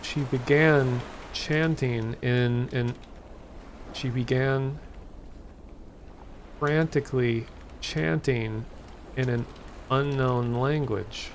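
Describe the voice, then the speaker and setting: Streamer guy reading a spooky story out loud super slow, keeps stumbling and fixing his words. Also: mid-range voice, steady tone, slight background noise. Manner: halting, stops and corrects himself mid-sentence. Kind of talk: reading an AI-generated story aloud live.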